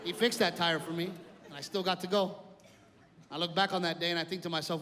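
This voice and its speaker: Profane man doing stand-up, high voice. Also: fairly even intonation, fast, sharp tone. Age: adult, older than in youth. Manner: profane, storytelling. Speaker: stand-up comedian. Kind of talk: stand-up comedy. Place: live comedy stage. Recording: live club, reverb and crowd.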